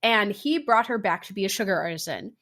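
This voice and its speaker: A woman's voice: mid-range voice, animated, a little fast, a bit bright. A woman host recapping a story in casual chat, rambling and sarcastic with many fillers. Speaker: podcast host.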